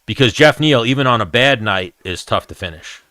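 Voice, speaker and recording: A man's voice: mid-range voice, expressive, fairly quick, pushed and bright, no echo. A man, hosting a casual MMA chat stream in a blunt, profane, rambling way. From New York, USA. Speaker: MMA show host answering chat.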